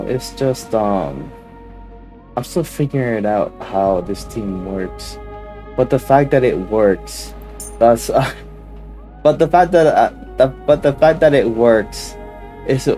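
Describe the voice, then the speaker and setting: Sleepy man rambling slowly. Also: medium pitch, mellow. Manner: rambling, halting, with many restarts and fillers. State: sleepy and tired, yawning. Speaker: streamer. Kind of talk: casual stream sign-off chat.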